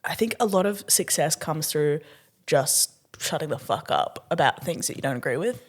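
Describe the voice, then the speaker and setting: A young woman from Australia co-hosting a podcast, chatting casually and acting out quotes with sudden pitch jumps and laughter. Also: expressive, moderate pace. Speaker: podcast co-host, comedian. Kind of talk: casual chat.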